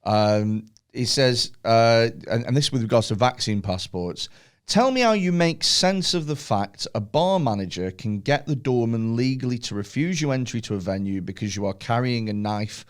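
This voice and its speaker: A man's voice: medium pitch, animated, normal speed, smooth. Male host, loose rambling storyteller, reads listener questions. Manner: rambling storyteller, many fillers, laughs easily. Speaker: podcast host. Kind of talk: casual podcast chat.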